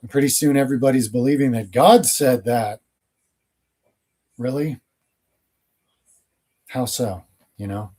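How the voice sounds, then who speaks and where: A man's voice: mid-range voice, measured pace, long pauses, a little mellow. A man hosting his channel, answering viewer questions in a casual, rambling monologue with blunt opinions.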